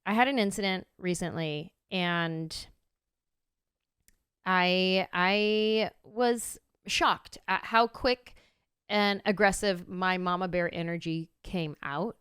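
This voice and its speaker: A woman in her thirties hosting a podcast, telling a story in a casual, animated way and acting out her own reactions. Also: on the low side, takes it slowly, smooth, dry recording, studio quality. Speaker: podcast host.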